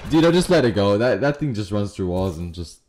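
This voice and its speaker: A man's voice: fairly low pitch, big pitch swings, a little fast, background noise. A man giving crude, joking commentary while playing a game online, trash-talking other players. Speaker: gaming streamer. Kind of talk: casual gameplay commentary.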